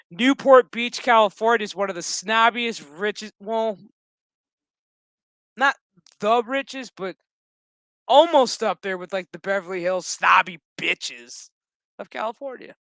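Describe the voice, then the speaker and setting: A man's voice: high voice, unhurried, long pauses, bright, forceful tone, clear, resonant tone, dry recording. Crude, rambling guy doing a recap. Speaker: show recap host. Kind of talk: casual profane episode recap.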